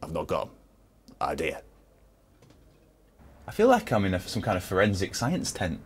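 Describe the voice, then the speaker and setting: A comedian voicing a young male polar bear cub with a very deep, gruff, action-hero voice in an improvised comic wildlife voice-over. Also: wildly swooping pitch, normal speed, slight background noise. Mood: glum. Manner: gruff, heroic bravado.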